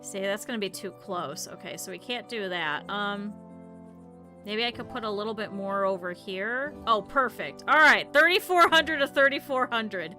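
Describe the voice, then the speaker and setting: Bright-voiced chatty woman streamer. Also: medium pitch, lively intonation, normal speed, faint music behind. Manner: chatty rambling storyteller, talks to chat. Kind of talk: casual game stream chat.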